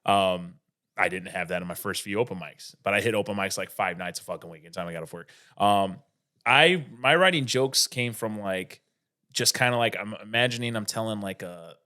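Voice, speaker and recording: A man's voice: on the low side, normal speed, sharp tone. A male stand-up comedian, a guest in a casual interview, rambling and swearing freely. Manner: rambling, profane, full of restarts.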